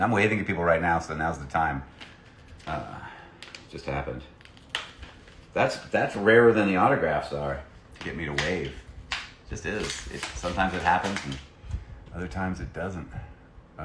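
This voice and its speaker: A man's voice: sits low, fairly bright tone, echoey room, slight background noise. A man, a voice actor, chatting playfully on a live stream while he signs autographs and reads out fan messages. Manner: playful and jokey, reading fan messages aloud. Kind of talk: casual live-stream chat.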